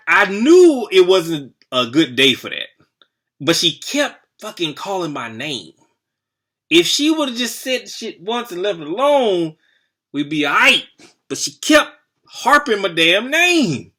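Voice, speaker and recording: A man in his forties spinning a comic childhood story, swearing freely and rambling as he goes. His fairly high voice swoops all over with lively, animated ups and downs. The tone is bright and forceful. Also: slow. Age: 40s.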